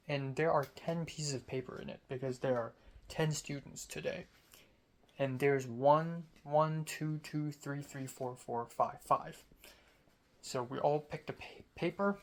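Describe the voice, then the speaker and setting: A sleepy young man from Hong Kong, a student telling a rambling casual vlog story, talking slowly with many fillers. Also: medium pitch. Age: young adult. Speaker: student vlogger.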